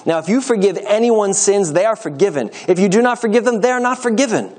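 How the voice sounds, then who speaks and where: An earnest, gentle Jesus, a calm teacher, as a man voices him in a scripture reading. The delivery lifts into emphatic, raised lines, and the pitch sits somewhat high for a man. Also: quick pace, slight background noise.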